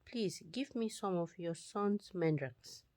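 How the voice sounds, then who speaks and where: Woman reading a jealous childless Bible wife, slow, lowish, dry recording. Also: lively intonation, darkish tone, no room sound. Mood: pleading.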